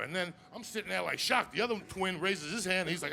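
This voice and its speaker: A stand-up comedian from New Jersey tells crude stories on a live stage, loud and rapid, repeatedly asking "you understand me?" His voice is gravelly and fairly high for a man. The crowd is clearly audible behind the stage mic, along with a little hiss or hum.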